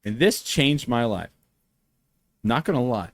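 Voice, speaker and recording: A man hosting a podcast, telling stories in a lively, profane, casual way. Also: mid-range voice, measured pace, no room sound. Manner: animated, profane storyteller. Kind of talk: casual storytelling chat.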